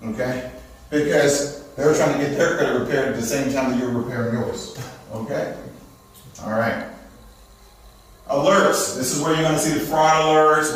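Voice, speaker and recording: A man's voice: fairly high pitch, a bit bright. A man teaching a live credit repair class, checking in with the audience after nearly every point. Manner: checks in with frequent "okay?" and "all right?". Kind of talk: live seminar lecture. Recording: very echoey room, from far off.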